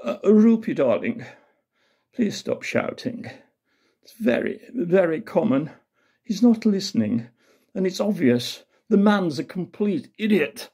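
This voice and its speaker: A man's voice: high voice, very animated, a little slow, mellow, slightly rough, voice pushed up, exaggerated voice. A man voicing a haughty, posh middle-aged countess in a plummy, disdainful way.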